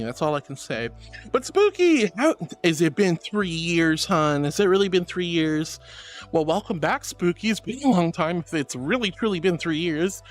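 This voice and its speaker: A man streaming as a VTuber in casual chat, reading viewer messages aloud and greeting people affectionately with pet names. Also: high voice. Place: VRChat stream.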